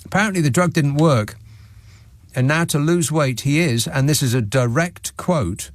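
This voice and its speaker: A man's voice: fairly high pitch, normal speed, no echo. A man hosting a late-night talk radio show from a studio, delivering a sarcastic, mocking monologue and reading out listeners' messages.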